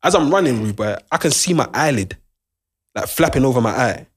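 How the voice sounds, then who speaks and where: A young man tells a story in a relaxed chat, talking fast and throwing in a lot of slang. His voice is husky. His delivery is animated, and he keeps checking that his listeners follow along. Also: medium pitch. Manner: animated, repeats "do you understand", London slang.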